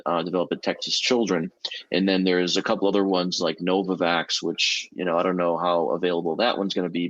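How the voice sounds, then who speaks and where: A man, a physician guest, speaking in a measured way on a podcast with frequent fillers and restarts. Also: low voice, dry recording, highs cut off. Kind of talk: podcast discussion.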